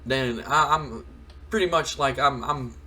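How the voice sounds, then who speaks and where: A man voicing a blustering, pompous older male wrestling king, shouting and boasting high above his own voice. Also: measured pace. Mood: defiant.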